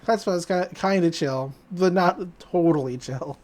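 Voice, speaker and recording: A woman's voice: fairly low pitch, normal speed. A woman hosting a podcast, casually recapping a cartoon episode with laughs and acted-out lines. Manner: animated, laughing, acting out quoted lines. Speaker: podcast host.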